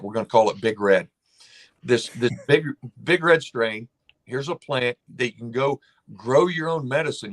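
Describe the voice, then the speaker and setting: Appearing as a guest lawmaker on a talk show, a man speaks at an everyday middle pitch with a fairly bright tone. He's emphatic and blunt, drifts into storytelling, and delivers it all with passion.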